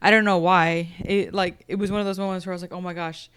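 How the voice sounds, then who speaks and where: Smooth-voiced chatty woman co-host. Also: lowish voice, fast talker. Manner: chatty, says like often, animated storytelling. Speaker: podcast co-host. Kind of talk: casual chat.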